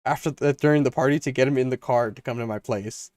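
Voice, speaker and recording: A young man on a podcast spins a long, rambling story and slips into his friends' voices for their lines. His pitch sits at a medium height. The recording is dry and close, with no room sound. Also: fast, a little mellow, no room sound. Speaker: podcast co-host. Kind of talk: casual storytelling chat.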